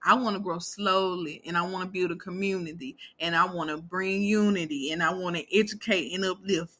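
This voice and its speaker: A woman's voice: on the low side, fairly even intonation, a little fast, sharp tone. A woman in her twenties hosting a podcast, talking straight to her listeners in a blunt, profane, emphatic monologue. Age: 20s. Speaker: podcast host.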